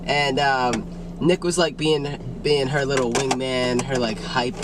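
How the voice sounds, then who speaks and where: A young man telling a personal story in casual chat, relaxed and hesitant, with many fillers. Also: mid-range voice, unhurried, noisy background.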